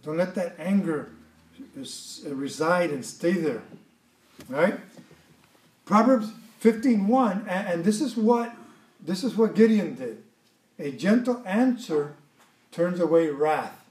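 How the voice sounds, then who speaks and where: High-voiced preacher in an echoey room. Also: male voice, animated, slow, long pauses, darkish tone, recorded from a distance. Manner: conversational preaching with repeated words and asides. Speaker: pastor. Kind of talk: sermon.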